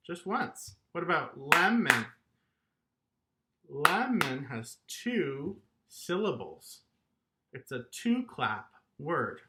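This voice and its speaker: A man's voice: on the high side, big pitch swings, extremely slow, very noisy. A man teaching an online kindergarten music lesson, encouraging and chanting rhythms for the children to clap along.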